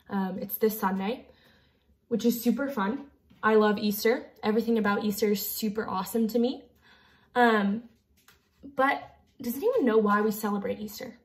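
A woman's voice: medium pitch, normal speed. A young woman hosting a playful cooking demonstration for children, bubbly and jokey, talking straight to the kids at home. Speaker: children's ministry cooking host.

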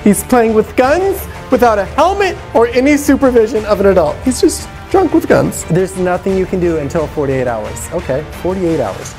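A male comedian playing a paranoid, overprotective middle-aged mother who frantically spins wild theories and lets out shrill outbursts. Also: sing-song, normal speed, hardly any pauses, a little mellow, soft background music. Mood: frantic. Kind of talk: comedy sketch acting.

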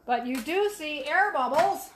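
A woman's voice: high voice, animated, measured pace, slight background noise. A woman potter teaching a wheel demo on a livestream, chatting playfully as she works the clay. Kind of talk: live demo talk while working at the wheel.

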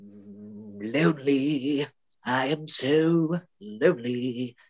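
Brief: a woman as a whiny, melodramatic male director; lowish voice, muffled video-call sound. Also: animated, a little fast. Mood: sulky. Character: petulant self-pitying male theatre director. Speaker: student actor. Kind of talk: online amateur drama over video call. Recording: dull lo-fi video call audio.

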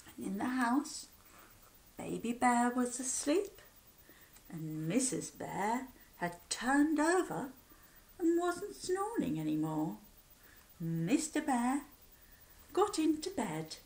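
A woman teacher reading a picture book aloud to children, slow and animated, with lively sound effects. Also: on the high side. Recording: echoey room.

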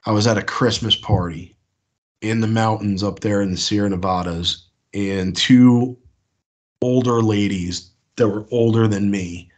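Husky low-voiced man telling a story. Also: fairly even intonation, measured pace, a little mellow. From US East Coast. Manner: rambling, with many fillers and restarts. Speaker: caller sharing encounters. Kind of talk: casual storytelling on a call-in show.

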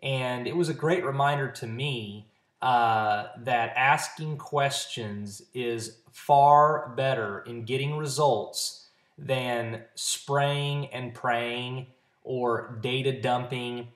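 A man's voice: mid-range voice, steady tone, slow pace, fairly bright tone. Man, sales trainer, casual instructional talk, earnest and encouraging, home recording, roomy echo. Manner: earnest and encouraging, coaching with practical tips. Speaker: network marketing trainer.

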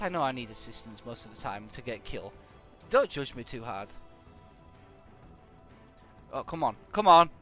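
A man giving jokey, sarcastic live commentary while he plays a game. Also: a little high. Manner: jokey, sarcastic, animated, bursts of exclamations. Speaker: live-streaming gamer. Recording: faint music in the background.

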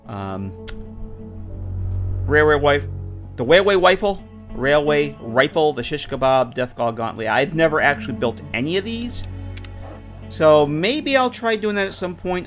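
A man's voice: a little high, expressive, normal speed, soft background music. Rambling male game streamer. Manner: rambling, filler-heavy, chatty with viewers. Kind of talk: casual live-stream commentary.

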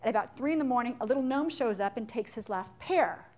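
A woman giving a live business talk to an audience in an animated, joking way, firing questions at the listeners. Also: on the high side, fast. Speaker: leadership speaker.

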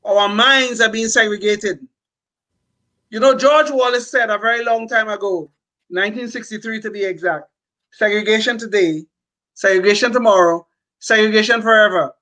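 A high, sharp-toned voice belongs to an older Californian man who co-hosts a political talk show. He delivers his commentary forcefully, with frequent restarts.

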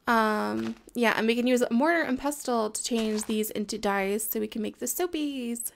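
Young woman, high voice, playful let's-play commentator who chats to her pets on screen. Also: unhurried, creaky. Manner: playful, talks to in-game animals, excitable outbursts. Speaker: gameplay commentator.

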